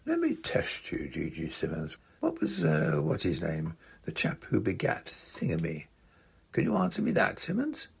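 A man voicing a drunk, pompous young upper-class gentleman who slurs and blusters at a schoolboy in a comic reading. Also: deep voice, huge pitch swings, normal speed, vocal fry, breathy edge, full character voice. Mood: bullying. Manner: slurring, blustering, belligerent.

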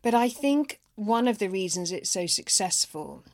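A woman's voice: mid-range voice, lively intonation, moderate pace, darkish tone. A woman talking casually and enthusiastically about comic novels in a book discussion.

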